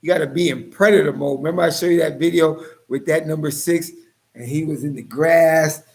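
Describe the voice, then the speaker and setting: A man's voice: on the high side, fairly even intonation, fairly quick, creaky. A man hosting a casual livestream, joking and calling out viewers by name. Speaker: livestream host.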